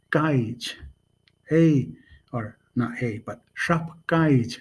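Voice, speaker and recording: A man giving a casual spoken language lesson, relaxed and pausing often, repeating phrases slowly and spelling them out letter by letter. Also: mid-range voice, slightly rough. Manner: relaxed and unhurried, with many pauses and fillers. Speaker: language teacher.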